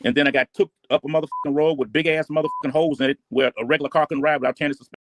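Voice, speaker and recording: A man's voice: a little high, fairly even intonation, very fast, dry recording. A man telling his past in a blunt, profane, casual way. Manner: blunt, profane street talk. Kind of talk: casual storytelling.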